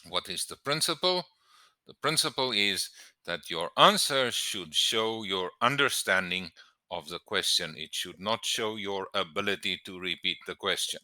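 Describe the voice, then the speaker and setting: A man's voice: deep voice, lively intonation, unhurried, sharp tone, no echo. A man tutoring on test technique, explaining points plainly and repeating them for emphasis. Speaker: IELTS tutor. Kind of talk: teaching to camera.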